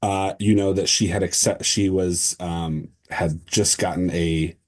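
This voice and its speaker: A man's voice: deep voice, steady tone, unhurried. A man running a tabletop role-play as game master, describing scenes loosely with many fillers.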